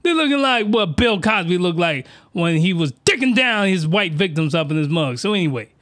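Man, high voice, rambling, full of fillers, crude comic review. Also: big pitch swings, normal speed, a bit bright. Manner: rambling, rough-edged, with many fillers. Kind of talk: crude comedic commentary.

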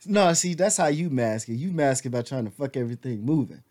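A man's voice: mid-range voice, lively intonation, a little fast, a little mellow. A man co-hosting a casual podcast, teasing his friend with frequent laughter, then talking frankly about his feelings. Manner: laughs often, joking and teasing, turns reflective. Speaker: podcast co-host. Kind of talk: casual chat.

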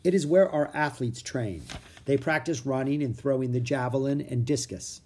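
A man doing a calm old philosopher. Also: medium pitch, slight background noise, natural voice. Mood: regretful. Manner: slow and measured. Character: wise older male Greek philosopher, calm and kind.

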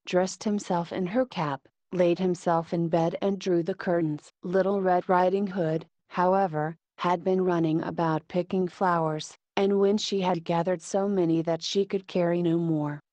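A woman narrating a classic fairy tale in a measured, even manner. Her voice sits on the low side, recorded close to the mic with a dry, roomless sound. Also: no room sound.

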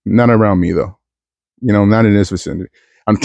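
A man's voice: lowish voice, fairly even intonation, a little fast, gravelly, long pauses, darkish tone, no room sound. A young man from East Texas talking into a podcast mic in a crude, self-mocking monologue full of stumbling restarts. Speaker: podcast host. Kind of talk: rambling comedic monologue.

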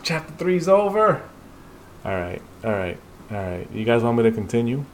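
A man hosting a casual read-along, excitedly reacting to a comic he loves. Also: medium pitch, moderate pace, a little hiss or hum. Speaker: podcast host reading a comic aloud.

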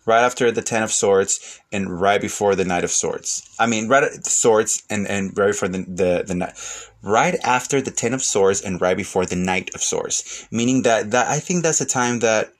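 A man reading tarot cards on a casual livestream, speaking in a somewhat low voice. He rambles, gets emotional and swears freely as he talks his viewers through the cards. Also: moderate pace. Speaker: tarot reader. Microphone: phone or webcam.

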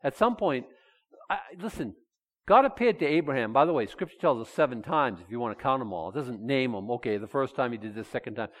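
A man, folksy and animated, acting out Bible figures in quick dialogue. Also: medium pitch, in a large hall. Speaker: pastor. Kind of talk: conversational sermon.

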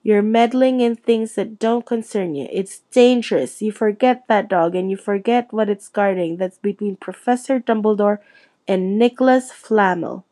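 A woman reading aloud and voicing a big, gruff gamekeeper who argues hotly and stays loyal to his friends. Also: medium pitch, moderate pace, warm tone, close to an everyday voice.

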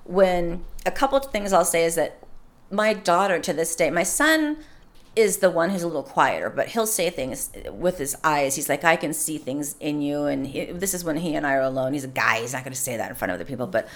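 A mother in her forties talking openly and warmly about raising her children, in a casual podcast conversation. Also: sits low, animated. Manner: open, heartfelt storytelling, quick to laugh. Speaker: podcast guest. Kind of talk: casual chat.

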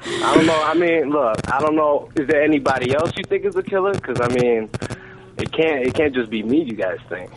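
A man's voice: mid-range voice, lively intonation, moderate pace, over a noisy crowd, rough recording. A man calling in by phone as a guest, chatting playfully and teasing, often repeating himself. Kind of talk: casual phone chat.

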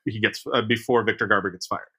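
A man co-hosting a podcast in casual chat, playful and quick with jokes. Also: fairly low pitch, fairly even intonation, pushed and bright, slightly rough. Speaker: podcast co-host.

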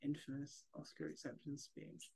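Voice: medium pitch, level tone, normal speed, creaky, dark tone, husky. A podcast co-host in a casual book discussion who chats loosely and often trails off mid-thought. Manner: chatty, trailing off, many fillers.

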